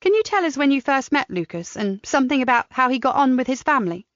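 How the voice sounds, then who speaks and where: A woman's voice: sits high, big pitch swings, quick pace, no echo, pitched above the performer's own voice. A woman voicing a curious, upbeat female detective with a teasing, inquisitive manner. The recording is dry and slightly dull.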